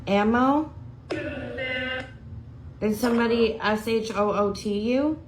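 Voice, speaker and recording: A woman on a ghost hunt, gently asking a spirit questions. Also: on the high side, slow. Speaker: ghost hunter. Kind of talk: calling out to a spirit. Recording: echoey room with loud noise.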